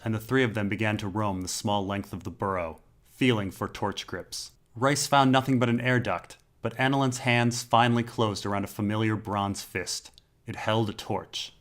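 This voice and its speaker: Low-pitched male narrator, measured and dramatic, for a dark fantasy audiobook.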